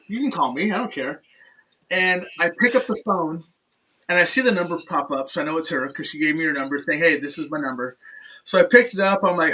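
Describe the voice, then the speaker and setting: A man hosting a talk show, telling animated stories that act out quoted dialogue, and laughing often. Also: fairly high pitch, brisk, far from the mic, slight background noise, rough recording. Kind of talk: casual interview chat.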